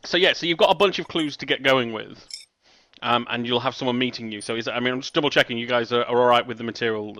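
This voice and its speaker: Bright-voiced male game master. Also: mid-range voice, fast talker. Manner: chatty, laughs often, hesitant fillers. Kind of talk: narrating a tabletop game.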